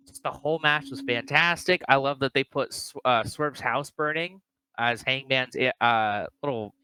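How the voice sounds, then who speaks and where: A man co-hosting a casual wrestling review, talking excitedly and acting out wrestlers' lines. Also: medium pitch, normal speed, smooth, low-quality recording. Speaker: podcast co-host.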